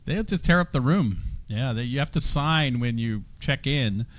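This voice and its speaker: A man's voice: medium pitch, lively intonation, normal speed, a bit bright. A man with an American accent and an ordinary mid-range voice, chatting as a guest about travel. He talks in a friendly, enthusiastic way and laughs easily. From United States. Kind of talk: casual conversation about travel.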